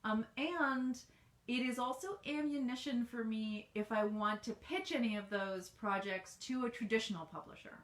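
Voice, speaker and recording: Her mid-range voice is fairly bright and echoes a little in the home office where she, an American author, holds a casual livestream Q&A. She rambles through readers' questions with lots of ums and restarts.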